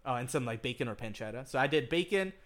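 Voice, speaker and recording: A man's voice: medium pitch, expressive, quick pace, a bit bright. A young man co-hosting a casual chat podcast, rambling through a cooking story, swearing freely and often laughing as he gets worked up. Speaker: podcast co-host.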